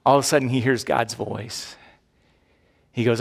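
With a creaky mid-range voice, this middle-aged man preaches as pastor at normal speed, holding a steady tone and pausing often. His sermon is conversational, full of repeated phrases and "right?" asides, and the recording carries long hall reverb.

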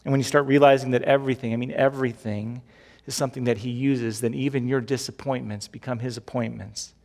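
A man's voice: mid-range voice, steady tone, fast talker, vocal fry, a little mellow, big-room sound. A male pastor preaching a sermon with a repetitive, building cadence.

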